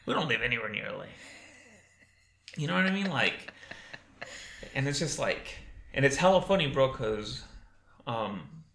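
A man's voice: medium pitch, very animated, moderate pace, long pauses, a bit bright. A man, telling a rambling, profane story in casual podcast chat. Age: 30s. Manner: loose, profane, rambling with lots of "like" and "dude". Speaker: podcast guest. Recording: roomy echo.

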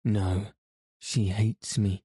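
A man's voice: fairly low pitch, level tone, drawn-out words, dark tone, breathy edge, no room sound, clean studio sound, exaggerated voice. A man reading as a guilty, pleading husband. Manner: pleading, pitiful. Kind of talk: audiobook reading.

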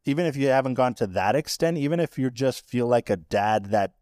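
A man's voice: mid-range voice, animated, a little fast, a little mellow, dry recording, studio quality. A man co-hosting a podcast in casual chat, emphatic and profane, speaking with emotion. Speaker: podcast co-host.

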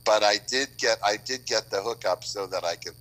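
A bright-toned older man from Boston talks in a loose, rambling way, full of restarts and quick jokes. He chats casually as a guest on a remote call. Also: lowish voice, rough recording. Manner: rambling, joking, many restarts. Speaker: author guest. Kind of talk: casual podcast chat.

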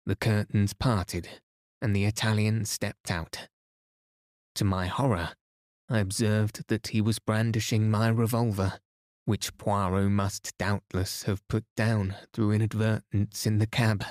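Male narrator for sleep stories: low, unhurried, dry close mic. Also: no echo. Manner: calm, measured reading. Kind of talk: bedtime story reading.

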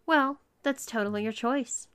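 A woman's voice: on the high side, a little slow, a bit bright, smooth. A woman voicing a smug, domineering young woman with a cool, mocking politeness.

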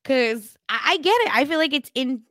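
A woman's voice: sits high, very animated, moderate pace, a bit bright, no room sound. A young woman co-hosting a podcast, recapping a TV episode in casual chat with dramatic asides. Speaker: podcast co-host.

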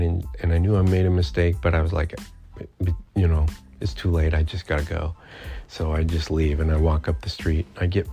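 A man's voice: low voice, dark tone. A middle-aged man hosting a podcast, telling a personal story in a rambling, reflective way with many fillers and restarts. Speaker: podcast host.

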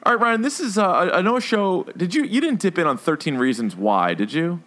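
A man's voice: high voice, lively intonation, a little fast, fairly bright tone. A man hosting a podcast in casual chat, joking, laughing and swearing freely. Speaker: podcast host.

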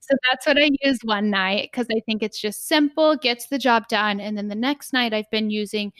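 A woman's voice: on the high side, moderate pace, fairly bright tone, smooth, no echo, studio quality. A young woman co-hosting a podcast, talking casually and filling her talk with "like". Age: young adult. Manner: chatty, lots of "like" fillers. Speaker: podcast co-host. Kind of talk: casual chat.

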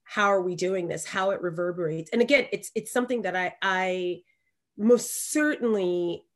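A woman from Alabama with a Southern accent, co-hosting a podcast in animated, emphatic casual chat. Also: lowish voice, moderate pace. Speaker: podcast co-host.

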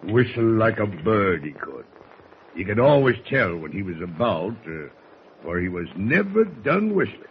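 Gruff salty first mate, sea-dog talk, old dull radio sound. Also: male voice, lowish voice, big pitch swings, measured pace, a little hiss or hum. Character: gruff peg-legged sailing first mate. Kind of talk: 1940s radio acting.

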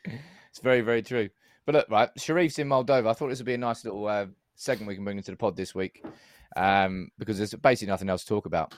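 A man co-hosting a podcast, telling anecdotes in animated, casual banter and swearing freely. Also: on the low side, quick pace, no room sound. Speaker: podcast co-host.

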